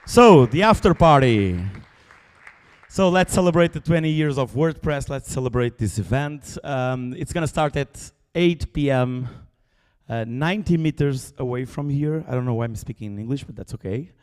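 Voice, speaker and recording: A man's voice: medium pitch, lively intonation, normal speed, clear, resonant tone. A man with a Portuguese accent giving loose, joking closing remarks as an event organizer on stage. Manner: loose, joking, reads long name lists. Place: large conference auditorium. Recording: echoey hall with crowd behind.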